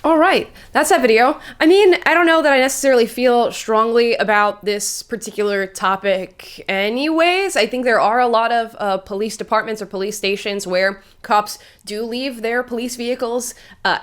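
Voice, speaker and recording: A young woman hosts a reaction show and picks apart each clip with sarcasm. Her voice sits a little high, and she breaks into short laughs between her points. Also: moderate pace, fairly bright tone, clear, resonant tone. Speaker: commentary host. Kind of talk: reaction commentary.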